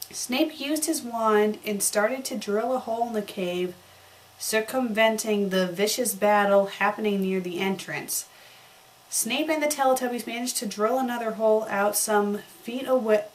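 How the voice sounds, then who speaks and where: A woman's voice: mid-range voice, a bit bright, poor audio. A woman reviewing fanfiction, reading it aloud with sarcastic, exasperated acting. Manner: exasperated, sarcastic, acts out lines. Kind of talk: comedic dramatic reading.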